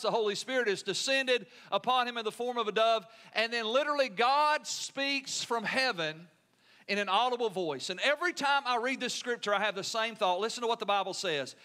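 A man's voice: extremely high pitch, moderate pace, pushed and bright. A male pastor preaching a sermon in an earnest, emphatic way, often asking the congregation questions.

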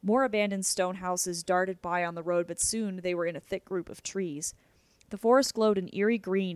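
A woman narrating a novel aloud in a steady, even storytelling manner. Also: mid-range voice, no echo. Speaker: audiobook narrator.

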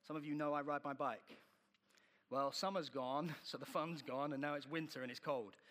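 A man preaches in a high, bright, sharp voice, telling his stories in a lively way and acting out each scene. His sermon rings with the long reverb of a large hall. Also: moderate pace. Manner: animated storytelling, acting out scenes.

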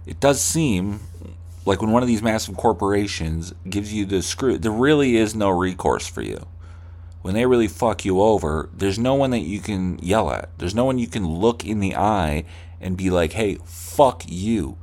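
A man's voice: fairly low pitch, expressive, normal speed, a little mellow. A man hosting a podcast, ranting with heavy swearing and slipping into mocking voices of corporate staff. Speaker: podcast host. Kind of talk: profane comedic rant.

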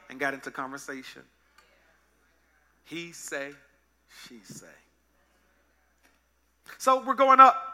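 Male pastor, high voice, AAVE, playful sermon delivery with sung bits. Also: bright, forceful tone. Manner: playful, joking with the congregation, singing in bits.

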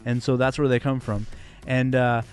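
Comedy guy hosting his own show, earnest and excited, lots of uhs, faint music behind. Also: mid-range voice, moderate pace, clear, resonant tone. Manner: earnest and enthusiastic, with many fillers. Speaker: host, comedy editor and stand-up comic. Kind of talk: casual podcast monologue.

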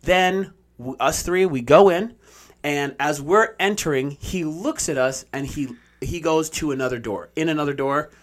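A man telling a story in casual chat, animated and full of fillers like "like". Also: a little high, moderate pace.

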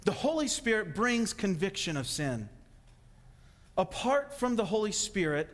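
A man with a high, bright-toned voice preaches to his congregation, rushing ahead when he gets excited. His words ring out with a long hall reverb, as in a church sanctuary. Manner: fast, excitable, animated delivery with acted-out asides. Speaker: pastor. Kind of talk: sermon.

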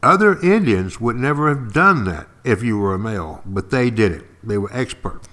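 An older man with a lowish, slightly bright voice teaches a history lesson to podcast listeners at a moderate pace. He is expressive and emphatic, repeating key words and putting questions to his audience in a lively, classroom-style talk.

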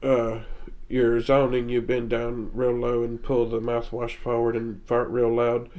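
A man's voice: medium pitch, completely flat delivery, measured pace, darkish tone. Blunt, crude sounding man. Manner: blunt, crude storytelling about retail work. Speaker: podcast co-host. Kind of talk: casual chat.

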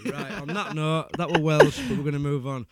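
A man's voice: on the high side, a little fast, a crowd in the background. A man hosting a casual music chat, full of teasing, jokey banter. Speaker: host.

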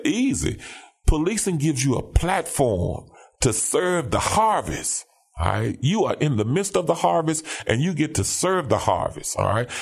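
A man, a pastor and police officer, talking in an emphatic preaching cadence, repeating phrases and checking in with "all right?". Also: on the high side. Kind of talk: conversational commentary with preaching cadence.

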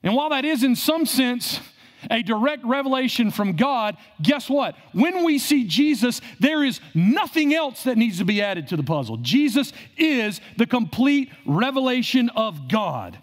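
A man's voice: very high voice, very animated, unhurried. A male pastor preaching a sermon, asking the congregation questions and repeating phrases for emphasis.

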